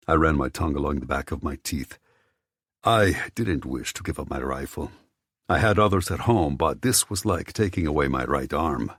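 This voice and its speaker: Deep, husky male audiobook narrator. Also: lively intonation, moderate pace, no room sound, studio quality. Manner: tense, inward, first-person storytelling.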